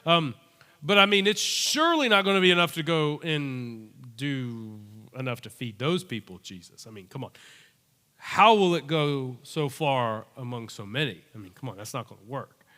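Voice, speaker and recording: A man's voice: on the high side, animated, normal speed, bright, forceful tone, clean tone, in a large hall. A man voicing a worried male disciple who hesitantly protests. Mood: doubtful.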